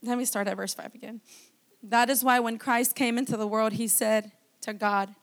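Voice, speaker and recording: A woman pastor preaching at a church service in a high, bright-toned voice. She reads scripture aloud with fervor and stops often to add her own exclamations of praise. Her delivery is heartfelt, in the manner of a sermon. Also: steady tone, moderate pace.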